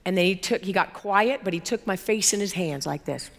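A woman preacher giving a sermon testimony in an animated, storytelling way with emphatic repetitions. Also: fairly low pitch, brisk, big-room sound.

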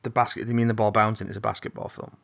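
A podcast co-host chatting casually, trading dry deadpan quips and short replies. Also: medium pitch, rapid-fire, creaky, no echo.

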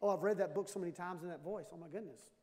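A man in his fifties preaching a sermon with humor, animated and jokey, acting out little dialogues. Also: sits high, rapid-fire. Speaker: pastor. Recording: long hall reverb.

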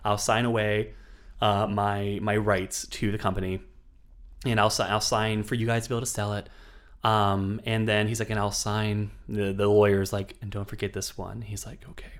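A man's voice: fairly low pitch, flat delivery, normal speed. A man co-hosting a podcast, casually retelling a film's plot with lots of ums and asides. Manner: rambling plot retelling with many fillers. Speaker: podcast co-host. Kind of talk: casual chat.

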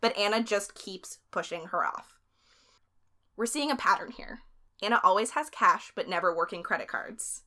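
A woman casually retelling a story to a friend on a podcast, chatty and lively, often breaking into laughter. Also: mid-range voice, moderate pace.

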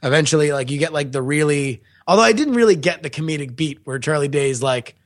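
A man co-hosting a casual movie review chat, halting, with lots of fillers. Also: on the high side, animated. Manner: halting, lots of "like", acts out quotes. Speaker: podcast co-host.

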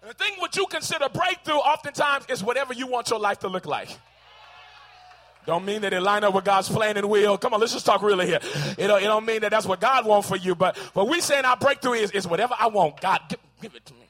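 High bright-voiced guy preaching in church, gets loud and acts out the voices. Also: fairly quick. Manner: animated, acts out voices, shouts at peaks. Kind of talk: sermon.

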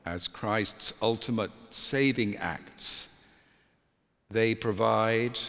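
A male priest delivers a sermon in a low voice, taking his time over every phrase and pausing for effect. His words ring out through a church with a long, lingering reverb. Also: fairly bright tone. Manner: measured, deliberate delivery with dramatic pauses.

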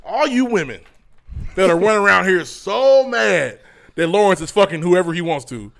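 A man's voice: high voice, expressive, moderate pace, vocal fry. A man co-hosting a casual podcast chat, blunt and emphatic. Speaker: podcast co-host.

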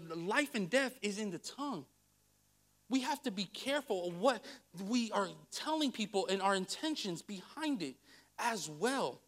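A male pastor preaching a sermon, candid and self-deprecating, who tells stories with animated swings in his voice and laughs at himself. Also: high voice. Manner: storytelling with animated vocal swings.

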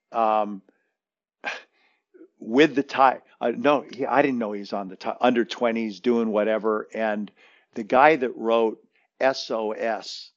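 A man's voice: medium pitch, dull audio. A man who coaches basketball, telling a long story in casual chat, rambling with many restarts and fillers.

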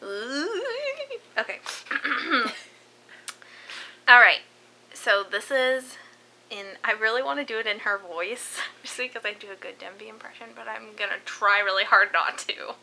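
Bright, giggly woman storyteller. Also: on the high side, a little slow, low-quality recording. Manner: giggly, breaks into laughs while telling. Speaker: podcast host telling a spooky story. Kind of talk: casual chat and story reading.

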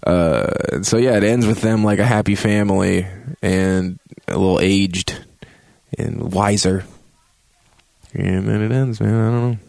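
A man with a very deep, gravelly voice rambles through a profane, joking game review. He speaks close to the mic in a dry, dead room. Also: moderate pace, a little mellow, dry recording. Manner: profane, joking, acts out reactions in a high yelp. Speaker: game reviewer, show host.

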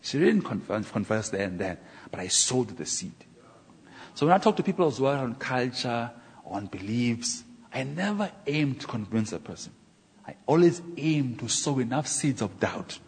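A man preaching a sermon, telling stories and acting out conversations in an animated way. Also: mid-range voice, husky. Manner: animated, acts out dialogue with pauses and exclamations. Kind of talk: sermon storytelling. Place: church. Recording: echoey church hall.

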